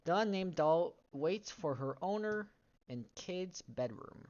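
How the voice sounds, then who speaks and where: Low-voiced woman reading a story game aloud. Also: big pitch swings, a little slow, lo-fi sound. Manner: reads text aloud, breaks off into wry comments and laughs. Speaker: game streamer.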